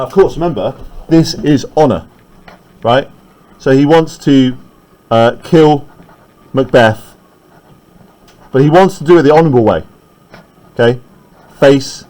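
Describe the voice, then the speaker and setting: A man's voice: on the high side, lively intonation, moderate pace, long pauses, darkish tone, poor audio. Man teaching a class, checking in constantly. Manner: explains step by step, keeps checking in with "right?". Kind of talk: classroom literature lecture.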